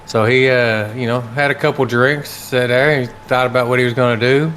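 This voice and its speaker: A man at a mid pitch tells a long bar joke on a relaxed game stream, wandering through it with plenty of fillers and restarts. Faint ambient hum sits under his voice. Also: normal speed. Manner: rambling storyteller, many fillers and restarts. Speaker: live-stream co-host.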